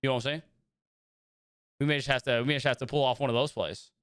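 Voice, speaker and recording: In a gaming livestream, a young man with a mid-range, fairly bright and resonant voice chats casually, rambling and greeting viewers by name. He talks quickly with fairly even intonation, and the studio-quality recording is clear with no room sound.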